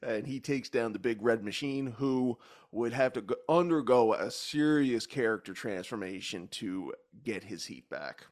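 A male podcast co-host in a mid-pitched voice chatting casually. He sounds bemused and rambles, piling on fillers as he reacts. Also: expressive, unhurried. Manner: bemused and rambling, with frequent "like" and laughs. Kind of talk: casual chat.

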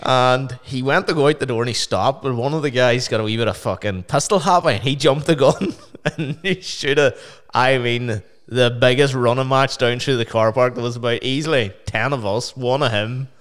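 A man's voice: mid-range voice, normal speed. A man with a Northern Irish accent hosting a casual chat, telling sweary anecdotes with laughter.

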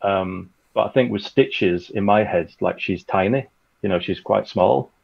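A man with a low, gravelly voice chats loosely and rambles, full of fillers. His recording sounds a little dull and lo-fi. He is describing his own audio drama production. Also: a little slow. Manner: rambling, chatty, filler-heavy. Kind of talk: casual chat.

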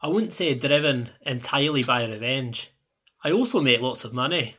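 An actor playing a bitter, crude Scottish football manager in a wheelchair, with a Scottish accent, in a comedy sketch. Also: male voice, medium pitch, lively intonation, normal speed, pushed and bright, slightly rough, lo-fi sound. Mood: blunt. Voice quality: crude, blunt, grudging.

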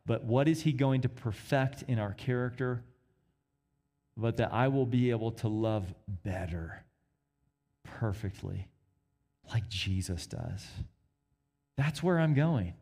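A man preaching a sermon, swinging between emphatic rises and hushed, quiet drops. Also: medium pitch, a little slow.

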